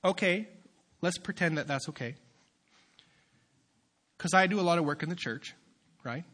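Bright-voiced young preacher man. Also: a little high, normal speed. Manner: swings from quiet asides to loud, fervent preaching. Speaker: youth pastor. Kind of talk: sermon.

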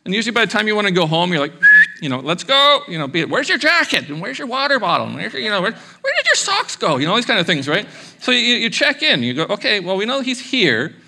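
Man, pastor, sermon, bright tone, gravelly edge, conversational, animated. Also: sits high. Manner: chatty, animated preaching with playful acted-out quotes.

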